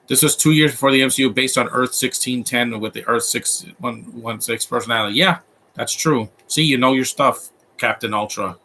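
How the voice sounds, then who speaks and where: Guy in his 30s riffing over a movie, bright edgy voice, rambles n restarts a lot. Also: medium pitch, normal speed, a little hiss or hum. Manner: opinionated, rambling, frequent restarts. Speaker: movie commentator. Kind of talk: live movie commentary.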